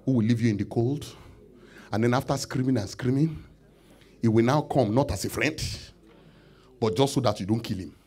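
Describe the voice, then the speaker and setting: A man preaching a sermon as pastor, swinging between loud shouts and low near-whispers, acting out pleading prayers. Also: husky. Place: church hall.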